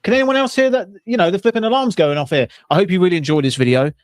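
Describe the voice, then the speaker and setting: A man's voice: sits high, rapid-fire, no echo, clean studio sound. A man streaming and joking his way through reactions to videos. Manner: jokey, mild swearing substitutes. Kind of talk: casual reaction commentary.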